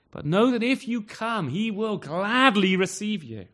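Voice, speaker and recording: A man's voice: high voice, sing-song, moderate pace, few pauses, a bit bright. A man preaching a sermon at an evening service, emphatic, often closing points with rhetorical tag questions like "isn't he?".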